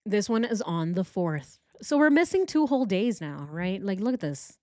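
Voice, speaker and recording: Hosting a true crime channel, a woman works through the evidence with sarcasm and exasperation. Her mid-range, darkish voice swings widely in pitch at a moderate pace, recorded cleanly in a studio with no room sound.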